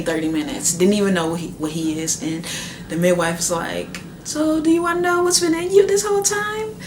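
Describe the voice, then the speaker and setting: Low-voiced young woman, animated storyteller. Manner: animated, acts out quoted voices, many "like" fillers. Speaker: new mother. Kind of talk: casual personal storytelling. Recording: echoey room with faint ambient noise.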